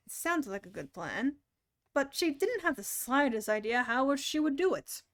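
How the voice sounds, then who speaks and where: A woman reading a children's book aloud on a stream in an expressive, animated way. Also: fairly high pitch, normal speed. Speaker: storyteller.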